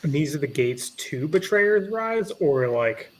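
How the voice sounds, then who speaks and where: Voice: medium pitch, big pitch swings, a little slow. Hesitant, questioning tabletop player. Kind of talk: tabletop game chat.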